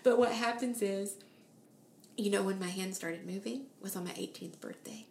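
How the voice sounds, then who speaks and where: A woman's voice: medium pitch, normal speed, creaky. An earnest woman in her thirties recounts her faith journey in a conversational way. She slips into quoted voices with feeling. The room has a noticeable echo and faint background hiss. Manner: earnest, emotional storytelling with animated quoted voices. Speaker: guest sharing her testimony.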